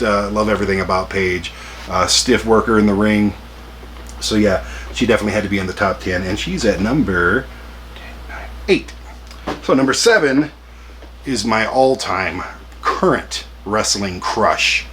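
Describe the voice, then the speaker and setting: This chatty collecting vlog comes from a man in his forties who jokes around and pokes fun at himself as he rambles. His lowish voice has a bit of brightness, and there's slight background noise.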